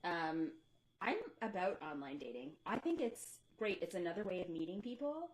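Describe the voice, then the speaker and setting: A woman's voice: lowish voice, very animated, normal speed, poor audio. Chatty young woman podcast co-host. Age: young adult. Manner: chatty, laughs often. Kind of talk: casual chat.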